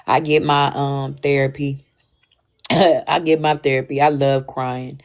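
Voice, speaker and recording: A young woman with talks frankly on a casual livestream. Her voice sits low, and she circles back over her words and restarts often. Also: little pitch movement, takes it slowly. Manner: candid, repetitive, emphatic with frequent restarts. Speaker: livestream host.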